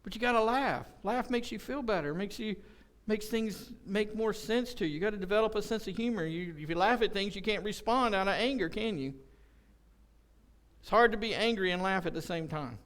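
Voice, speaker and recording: A male pastor preaches a relaxed, conversational sermon during a church service, cracking jokes and spinning folksy anecdotes in which he acts out the quotes. His voice sits high and a bit bright, and his pace is brisk.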